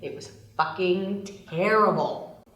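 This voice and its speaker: A woman's voice: mid-range voice, slow, a bit bright. A woman playing a blunt, bossy young planner. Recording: roomy, distant, faint hiss.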